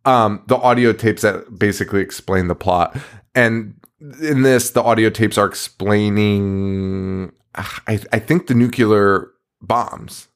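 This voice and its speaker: A man's voice: lowish voice, fairly even intonation, clean tone. Profane, laughing man retelling a movie. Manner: profane, laughing, acts out scenes in quick voices. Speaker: podcast co-host. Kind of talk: casual movie review chat.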